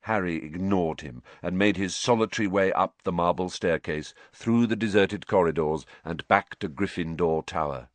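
A man narrating an audiobook in an expressive storytelling manner. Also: low-pitched, normal speed, few pauses, no room sound. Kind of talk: scripted narration.

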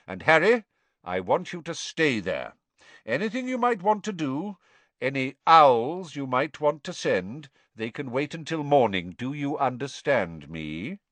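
A man's voice: medium pitch, big pitch swings, unhurried, a bit bright, dry recording, voice pushed up. A man doing Dumbledore, a firm old wizard. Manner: firm and stern. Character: old male headmaster wizard, calm but commanding.

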